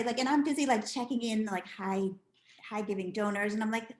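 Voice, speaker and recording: A woman's voice: a little high, fairly quick. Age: middle-aged. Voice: chatty woman, echoey room. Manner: animated, chatty, many "like"s and restarts. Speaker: podcast guest. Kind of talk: casual storytelling interview.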